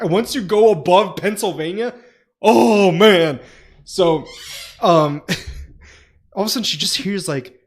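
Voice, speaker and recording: A man co-hosting a podcast, telling stories in casual, profane chat. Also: a little high. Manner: profane, animated storyteller. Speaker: podcast co-host.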